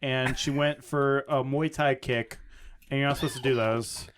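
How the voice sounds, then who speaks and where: A man's voice: medium pitch, fairly even intonation, normal speed, a bit bright, slight background noise. A man, a guest comedian, joking in a casual podcast chat.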